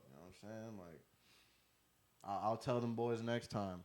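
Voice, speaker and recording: A man's voice: on the low side, normal speed. A young man telling stories in a casual podcast chat, acting out what people said to him. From Texas. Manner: animated storytelling, acting out quotes. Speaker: podcast guest.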